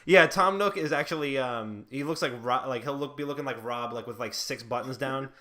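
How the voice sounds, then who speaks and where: A man's voice: medium pitch, brisk, bright, forceful tone. A young man hosting a casual gaming podcast, rambling with lots of filler words and frequent laughter. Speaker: podcast host.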